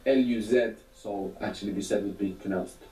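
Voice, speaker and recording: A man's voice: fairly low pitch, steady tone, normal speed, mellow. A man teaching a recorded language lesson, patiently prompting and confirming answers. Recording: echoey, distant from the mic.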